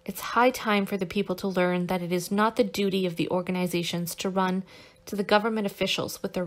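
A calm, confident young man speaks with quiet resolve and a teasing edge, as a woman voices him in an audiobook. His delivery stays level and assured rather than loud. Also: medium pitch, close to an everyday voice. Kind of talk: audiobook character reading.

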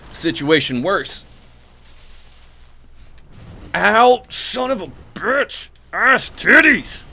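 A man giving rambling gameplay commentary as a channel host, swearing and flaring up at the game between chatty asides. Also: mid-range voice. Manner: profane, excitable outbursts at the game.

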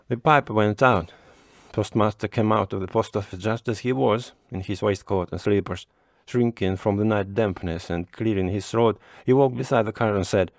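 Male storybook narrator, low, measured and unhurried, dry close sound. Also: a little mellow, no echo.

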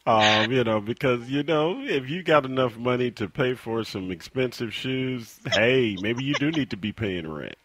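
A man's voice: medium pitch, expressive, normal speed, few pauses, fairly bright tone, no room sound. A man co-hosting a casual radio chat show, an easygoing father reasoning things through.

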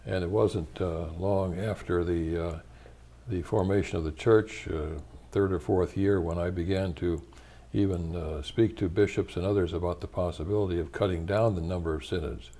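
Older man with a low, mellow voice. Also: steady tone. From United States. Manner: measured and thoughtful, with frequent pauses and restarts. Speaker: interviewee, retired church leader. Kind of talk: reflective interview answers.

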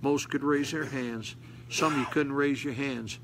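A man's voice: medium pitch, steady tone, a little slow, noisy background. An older man, preaching a sermon in a folksy manner that rises to emphatic calls. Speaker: pastor.

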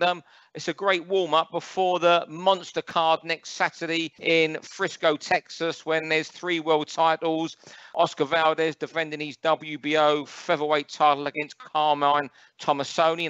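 A man with a London accent talks boxing on a podcast, listing records and ranting with firm opinions. His voice sits a little high for a man. The sound is dry and a bit dull, as if from a close studio mic with no room around it. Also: fairly bright tone, clear, resonant tone, dry recording. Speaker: boxing pundit co-host. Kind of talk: casual podcast chat.

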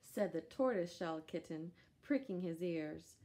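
A woman reading a children's picture book aloud in a gentle, lively storytelling manner with animal sounds. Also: fairly low pitch, measured pace. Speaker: storybook reader.

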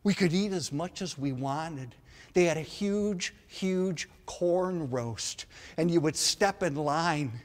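A middle-aged man from Milwaukee telling comic stories on a theater stage, swinging between loud excited outbursts and soft asides. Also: a little high, slow. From Milwaukee, Wisconsin. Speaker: stand-up storyteller. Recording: long theater reverb.

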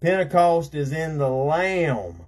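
Fervent husky-voiced male preacher. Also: a little high, expressive, slow, darkish tone. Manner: fervent, repetitive, calls out amen and praise God. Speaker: evangelist preacher. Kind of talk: sermon.

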